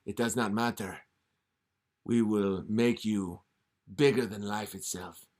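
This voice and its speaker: A man voicing a scheming male devil who offers deals, speaking slow, low and menacing. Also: fairly even intonation, a little mellow. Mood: sinister.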